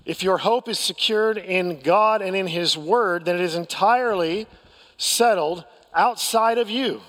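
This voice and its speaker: An American man preaching from the pulpit, with a fairly high voice and a long reverb trailing his words through the hall. He tells a personal story candidly and pokes fun at himself, stumbling into restarts as he goes. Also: a little slow, fairly bright tone. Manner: candid storytelling with self-deprecating humor and frequent restarts. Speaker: pastor. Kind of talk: sermon.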